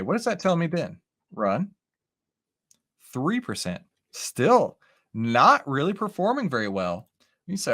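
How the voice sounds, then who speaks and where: A man's slightly high voice moves slowly with long pauses as he hosts a live stock-trading stream, going through charts and chatting casually with viewers. His commentary is lively and animated, and he frequently asks "right?" and "okay?"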